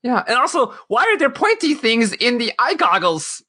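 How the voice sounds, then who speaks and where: A woman co-hosting a podcast, recapping a TV episode with animated storytelling and frequent laughter. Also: on the high side, moderate pace. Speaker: podcast co-host. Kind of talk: casual chat, recapping a TV episode.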